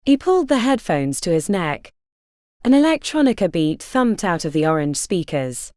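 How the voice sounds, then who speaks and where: A woman narrating an unabridged fantasy audiobook in an expressive, measured storytelling manner. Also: fairly low pitch, dry recording, clean studio sound.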